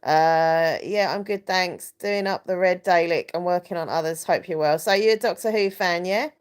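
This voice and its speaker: A woman in her thirties with a lowish voice talks casually on a live stream. She rambles and restarts often and stops now and then to read out viewers' comments. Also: moderate pace, clean tone. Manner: rambling, chatty, lots of fillers and restarts. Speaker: YouTuber hosting a live stream.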